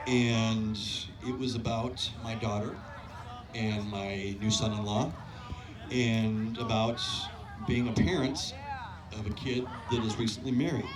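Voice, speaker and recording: Rambling fifties man at a loud outdoor concert. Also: mid-range voice. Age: 50s. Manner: rambling, self-deprecating, quick asides. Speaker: singer-songwriter and pastor. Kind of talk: rambling stage banter between songs. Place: outdoor park stage at a live concert. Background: loud crowd and guitar music.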